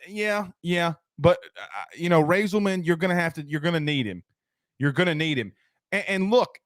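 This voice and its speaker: A man's voice: mid-range voice, dry recording, studio quality. A man hosting a casual live sports talk stream, loose and slangy, reading out viewer comments and an ad. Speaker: sports talk show host.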